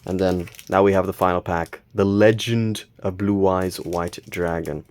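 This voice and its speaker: Male host, low voice, relaxed unboxing chatter, counts and names each card. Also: measured pace. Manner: relaxed, reads card names aloud, counts cards, mild self-corrections. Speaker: channel host opening card packs. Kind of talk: casual unboxing commentary.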